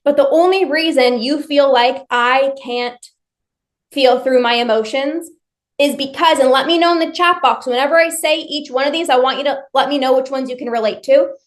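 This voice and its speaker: A woman's voice: high-pitched, moderate pace. A woman leading a live online workshop, speaking to her viewers directly with emphatic, repetitive phrasing.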